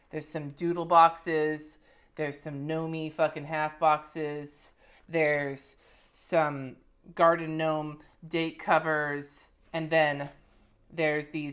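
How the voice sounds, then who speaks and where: This chatty woman vlogger has a low, slightly bright voice. Covering planners and lettering, she swears freely while showing items to the camera in a casual monthly favorites vlog.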